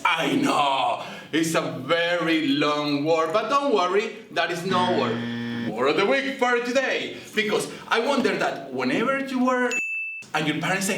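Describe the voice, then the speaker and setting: A man presenting a playful word-of-the-week segment on a school news show, animated and teasing, drawing out the Spanish words. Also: fairly high pitch, unhurried, roomy sound, far from the mic, noisy background.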